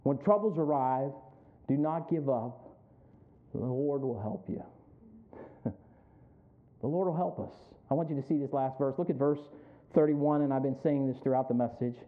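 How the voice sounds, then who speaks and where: A man's voice: mid-range voice, normal speed, pauses often. A male pastor preaching a sermon, with emphatic, rising calls and frequent questions to the congregation. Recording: tinny phone-like sound.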